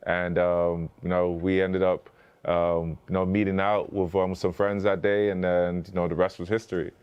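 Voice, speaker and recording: A man's voice: low voice, flat delivery, normal speed, clean tone, dull audio. A man who is a podcast guest, talking casually and rambling through stories, full of fillers and restarts and acting out quoted dialogue. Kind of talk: conversational interview storytelling.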